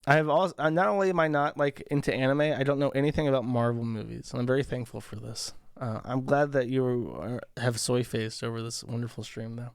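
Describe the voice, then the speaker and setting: A man's voice: mid-range voice, fairly even intonation, fairly quick, vocal fry, few pauses, smooth, no room sound, studio quality. A man on a casual livestream reads viewer donation messages aloud and riffs on them in a crude, profane, sarcastic way. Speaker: streamer reading viewer donations.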